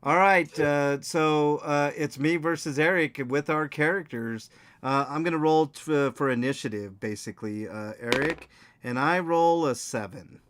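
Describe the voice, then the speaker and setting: Regular guy narrating a wrestling story, dry and relaxed, podcast vibe. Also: a little high, moderate pace, a little hiss or hum. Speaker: podcast co-host and player. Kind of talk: casual chat and story narration.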